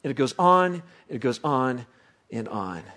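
A man preaching a sermon as pastor, telling a story with loud excited bursts that drop to quiet reflection. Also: mid-range voice, a little slow. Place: church service.

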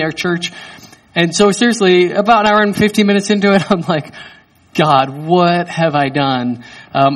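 A man in his thirties preaching in a church hall, telling a personal story in an animated, self-mocking way. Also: a little high. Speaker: pastor. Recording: voice distant from the mic.

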